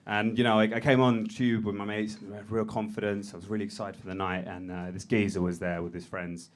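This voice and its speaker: A man's voice: on the low side, little pitch movement, brisk, slight background noise. A man doing a stand-up set on a comedy club stage, self-deprecating and a bit hesitant.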